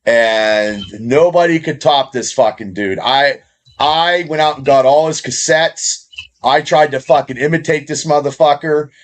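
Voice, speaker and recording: Brief: middle-aged guy, loose, cussing podcast host, slightly high voice. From Indiana, USA. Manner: profane, rambling, fast. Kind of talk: casual podcast chat.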